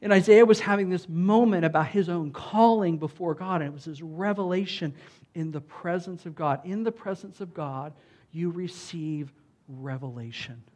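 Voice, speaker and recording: A man with a noticeably high voice delivers a sermon as a pastor. His preaching is casual and conversational, full of "like" and "right?". When he reads scripture aloud, he punches it out loudly and with emphasis. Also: normal speed. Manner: loud emphatic bursts when reading scripture.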